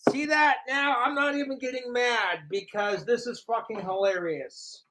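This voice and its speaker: A man's voice: very high-pitched, normal speed, bright, forceful tone, poor audio. A man ranting casually to camera, profane and mocking about his trolls. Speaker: vlogger.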